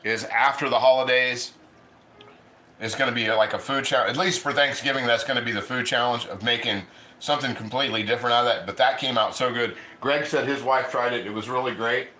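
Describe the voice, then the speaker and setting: Bright-voiced man chatting with his mouth full. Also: mid-range voice, fairly even intonation, fairly quick, reverberant. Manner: chatty, rambling, eats while talking. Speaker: livestream cooking host. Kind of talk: casual livestream chat.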